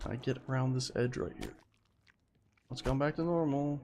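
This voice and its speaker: Gravelly man streaming a horror game. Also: mid-range voice, animated, normal speed, a little mellow. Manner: chatty, reactive, swears when startled. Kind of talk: gameplay commentary. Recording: noisy stream audio.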